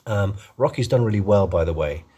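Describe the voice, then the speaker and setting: A man's voice: on the low side, expressive, fairly quick, dark tone, breathy edge. A man giving a rambling, casual film review, full of ums and restarts.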